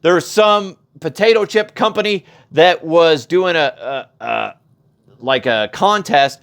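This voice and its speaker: A man's voice: a little high, takes it slowly, gravelly, a bit bright. A man hosting a podcast, ranting casually and profanely through funny news headlines, often stumbling and restarting. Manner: rambling, profane, laughs at own jokes, does mocking voices. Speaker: podcast host. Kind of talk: casual comedic headline rant.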